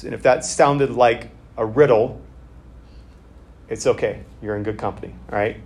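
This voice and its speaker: A man's voice: mid-range voice, moderate pace. Man preaching a conversational sermon. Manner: conversational, with fillers and restarts. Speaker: pastor.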